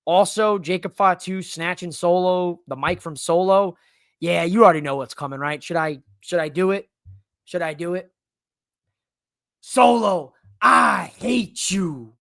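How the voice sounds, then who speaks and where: A man's voice: high voice, moderate pace, clear, resonant tone, no echo. Solo streamer host, man, hyped and jokey, rambling recap delivery, dry close home-studio sound. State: out of breath. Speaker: wrestling show host. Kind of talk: solo livestream recap chat. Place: home studio in a living room. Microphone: livestream mic.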